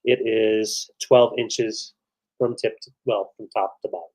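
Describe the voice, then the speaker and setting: A man co-hosting a live vintage sale, relaxed and enthusiastic as he describes each piece. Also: on the low side, unhurried. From western United States. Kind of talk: live selling chat.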